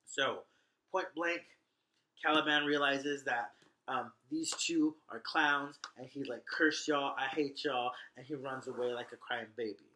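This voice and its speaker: A man's voice: mid-range voice, unhurried, sharp tone. A man casually retelling a play for laughs, rambling and chatty with slangy asides. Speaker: host.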